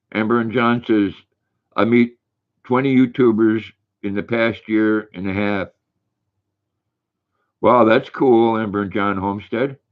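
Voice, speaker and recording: An older man hosting a casual livestream, reading viewers' comments aloud in a relaxed, folksy way. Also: fairly low pitch. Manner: relaxed, folksy, reads viewer names and messages. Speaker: livestream host. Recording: dull lo-fi stream audio.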